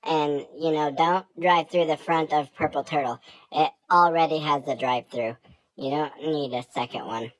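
A woman telling a joking story straight to camera in a deadpan, playful way. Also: low voice, moderate pace, no echo, low-quality recording. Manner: deadpan, jokey. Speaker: vlogger. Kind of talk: comic monologue to camera.

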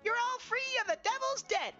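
Cartoon game hero: a plucky, boastful young cup-headed boy, squeaky-high and swooping wide, as a man reads him out. Dull lo-fi sound with loud game music underneath. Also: animated, normal speed, heavily acted. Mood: triumphant.

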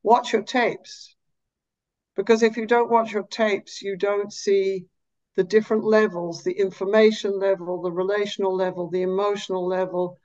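A woman psychologist explaining her therapy in an interview, animated, sometimes dropping to a slow, soft, low voice to show how she talks to clients. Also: highs cut off. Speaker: psychologist and therapist, podcast guest.

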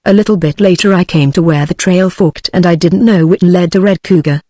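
A text-to-speech woman's voice with a British accent, reading a western story aloud, the dialogue in the same even voice. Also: on the low side, brisk, no room sound. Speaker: narrator.

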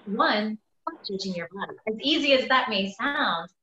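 Woman, webinar guest, frank and emphatic, slightly high voice, echoey dull call audio. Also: animated, normal speed, bright, forceful tone. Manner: candid, emphatic, swears freely. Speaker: webinar guest speaker, chiropractor. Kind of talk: personal story told on a webinar. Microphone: video call.

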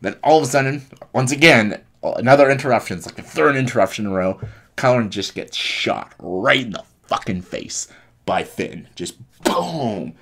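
A young man retelling a movie plot as a comedic pitch, breathless and profane, acting out lines and sound effects. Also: moderate pace, fairly bright tone.

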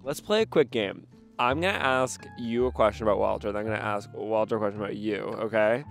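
A man's voice: on the low side, quick pace, creaky, soft background music. A man interviewing a young child outdoors in the snow, asking playful, teasing questions and reacting with exaggerated surprise.

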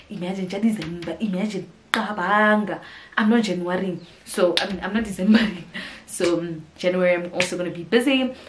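South african girl vlogging, lowish voice, keeps saying yo guys, echoey room. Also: a little hiss or hum. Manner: chatty, says yo and guys a lot. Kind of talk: casual chat.

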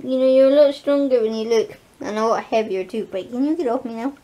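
A young woman with a high voice talks casually in a home vlog. She coos at her pet, giggles often, and slips into frightened asides. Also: brisk, few pauses, dark tone. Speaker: vlogger.

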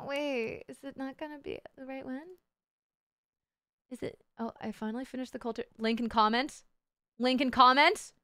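A young woman streamer talks to her chat with a high, bright voice and crisp, clean diction. She is excitable and playful and swears freely. The recording is dry and close-miked. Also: normal speed, no echo. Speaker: VTuber streamer. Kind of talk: casual livestream chat.

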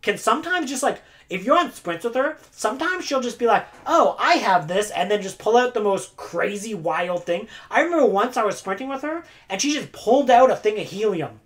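A woman's voice: on the high side, animated, a little fast, hardly any pauses. A woman booktuber chatting casually to camera, rambling with lots of "like" fillers and frequent laughs. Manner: laughs often between phrases. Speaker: booktuber giving community awards.

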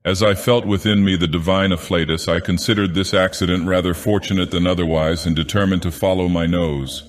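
A man voicing an ancient godlike male villain who narrates a storybook tale with a slow, grand, theatrical delivery. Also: low voice, steady tone, close to an everyday voice. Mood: grandiose. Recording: long cavernous reverb.

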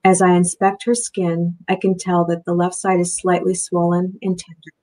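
A woman's voice: fairly low pitch, monotone, normal speed, dark tone. A woman author reading from her novel and then answering questions in a chatty way, laughing often, over a video call. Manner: chatty, laughs often, full of fillers and restarts.

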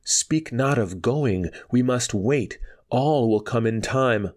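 A man's voice: mid-range voice, animated, slow, darkish tone. A man reading a storybook aloud, voicing a timid, pious young nobleman who wails and quavers. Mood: murmuring. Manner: wailing, quavering.

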